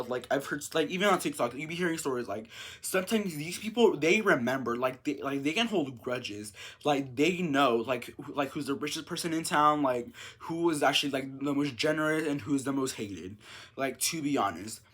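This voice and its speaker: A man's voice: mid-range voice, a bit bright. A man vlogging casually, reading out a reader's story and reacting to it in a chatty way with many "like" fillers. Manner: chatty, full of "like" fillers, reacts and reads stories aloud.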